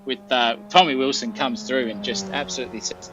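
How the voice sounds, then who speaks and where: A man's voice: mid-range voice, fairly quick, music in the background. Jokey co-commentator man, dull line. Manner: jokey, excitable. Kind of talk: live race commentary. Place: hotel room.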